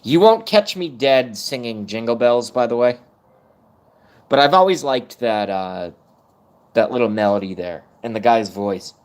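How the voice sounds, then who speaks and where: A man's voice: medium pitch, animated, unhurried. Profane rambling man in his thirties. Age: 30s. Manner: profane, rambling, self-mocking. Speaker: live streamer. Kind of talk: casual rant on a live stream.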